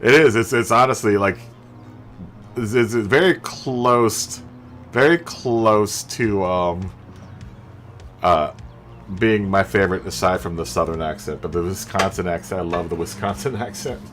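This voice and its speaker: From a home streaming setup, a man with a lowish, somewhat bright voice speaks a little slowly while playing a racing game. He chats loosely with viewers, rambling and chuckling at his own jokes over faint music, captured by a studio mic through a mixer.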